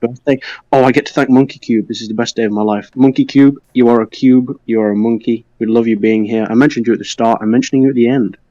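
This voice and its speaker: Young guy on a podcast mic, muffled dry sound, silly deadpan shoutouts. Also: mid-range voice, fast talker, few pauses, dry recording. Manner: goofy, deadpan nonsense praise. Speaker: podcast co-host. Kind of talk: casual chat, listener shout-outs.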